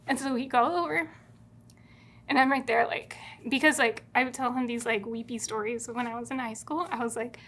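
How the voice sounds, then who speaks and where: A woman's voice: fairly high pitch, fairly even intonation, brisk, a bit bright. A young woman from California telling the story of her engagement in a studio, bubbly and giggly, acting out her own and her partner's words. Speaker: bride-to-be telling their love story. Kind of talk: casual storytelling on camera. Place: video studio.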